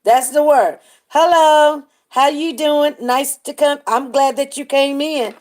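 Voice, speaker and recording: Chatty woman hosting a slow live stream. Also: high-pitched. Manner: chatty, breaks off to greet viewers by name. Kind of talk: casual storytelling commentary.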